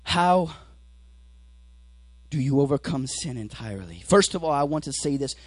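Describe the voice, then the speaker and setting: A teenage boy preaching a sermon, swinging between shouted exhortation and quiet low explanation, acting out little scenes. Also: animated, normal speed, dry recording, low-quality recording. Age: teens. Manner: acts out dialogue with the devil and watchmen.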